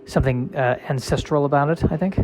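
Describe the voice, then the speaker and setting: A man's voice: on the high side, a little fast, darkish tone, a little hiss or hum. A male comedian in a casual solo monologue, rambling and self-deprecating with a wry tone.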